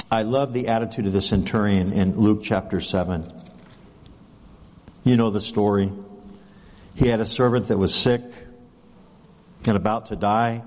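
A man's voice: on the low side, darkish tone. Pastor man preaching in reverberant hall. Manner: conversational, rhetorical questions, often adds "right?". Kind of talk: sermon.

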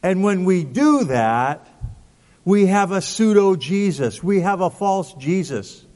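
Lively-pitched man preaching a sermon in reverb. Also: slow. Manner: emphatic, rhetorical questions, repeats words. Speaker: pastor. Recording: long hall reverb.

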